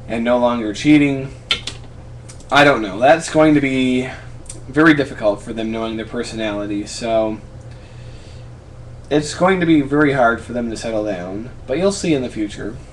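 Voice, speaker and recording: A man's voice: medium pitch, slight background noise. Chatty young man answering fan questions. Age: 20s. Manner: rambling, self-correcting, chatty. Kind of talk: casual vlog Q&A. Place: apartment room.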